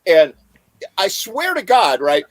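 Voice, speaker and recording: A man's voice: high-pitched, wildly swooping pitch, slow, dry recording. A man hosting a casual show, rambling and joking between laughs. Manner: rambling, jokey, laughs often.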